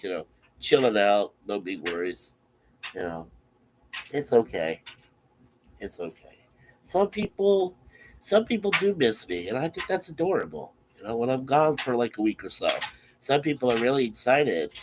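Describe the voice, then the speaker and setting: A man's voice: mid-range voice, noisy background. A man who is sick, coughing now and then, chatting casually and in an easygoing, rambling way to his stream viewers from his webcam.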